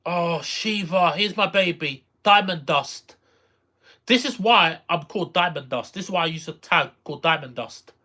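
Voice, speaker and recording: Playing a game on stream, this mid-range-voiced streamer gets excitable, with repeated phrases and plenty of exclamations. The pace is moderate and the tone casual.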